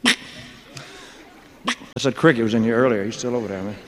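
A man in his thirties, a singer, tells his own story from a stage in a loose, joking ramble, filling every line with "man" and "you know." His mid-pitched voice is fairly quick and carries a long hall echo, with a little hiss or hum.

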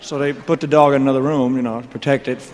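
A man on a concert stage rambles through a story, cracking jokes and laughing at himself between lines. His voice sits at an ordinary male pitch. A long concert-hall reverb trails after every phrase. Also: fairly even intonation, quick pace, noisy background. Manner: rambling, joking, with laughing asides. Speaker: stage performer. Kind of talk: onstage storytelling monologue.

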